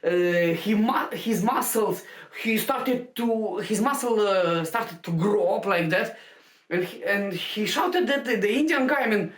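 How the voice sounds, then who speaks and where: Slow, halting woman in a roomy space. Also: mid-range voice. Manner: halting, many fillers and restarts. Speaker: stand-up comedian. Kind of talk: casual anecdotal storytelling. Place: home room. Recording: roomy home recording.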